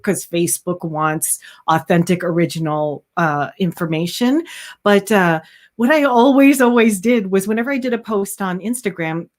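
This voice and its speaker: A woman hosting a casual livestream chat, talking chattily with many fillers and restarts and reading out viewer comments. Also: medium pitch. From Canada. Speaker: livestream host, handmade hat seller.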